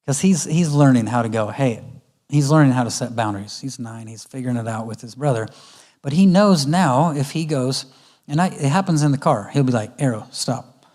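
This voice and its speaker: A man's voice: medium pitch, brisk, darkish tone. A middle-aged man giving a conversational parenting talk at a church, acting out family dialogue. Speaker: guest speaker. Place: church auditorium.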